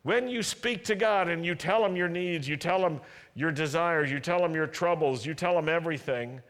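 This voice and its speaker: A man's voice: on the high side, moderate pace, a bit bright, long reverb tail. A man preaching a sermon as a pastor, earnest, repeating phrases for emphasis and acting out prayers.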